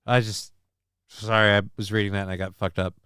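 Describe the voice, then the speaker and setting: Man with a very smooth, dry voice. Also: lowish voice, level tone, a little fast, bright, forceful tone, no room sound. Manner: joking, loose and profane, with lots of ums and uhs. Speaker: livestream show host. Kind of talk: casual livestream chat, reading the chat aloud.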